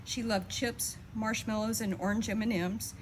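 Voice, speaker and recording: A woman reading a eulogy for her mother, steady and heartfelt, fondly reminiscing. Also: on the high side, moderate pace, background noise. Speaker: daughter giving a eulogy. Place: memorial service.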